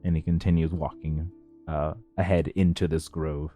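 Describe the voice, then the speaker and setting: A man's voice: a bass voice, flat delivery, normal speed, mellow, faint music behind. A man narrating as game master in a tabletop game, describing scenes with many fillers.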